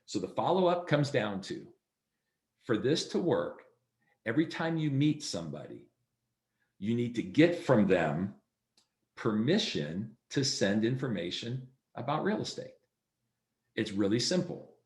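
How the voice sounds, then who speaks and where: A man's voice: mid-range voice, big pitch swings, a little slow, long pauses, a little mellow. A man giving a real estate sales training over a video call, acting out dialogue in his stories. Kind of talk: training presentation. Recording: roomy echo.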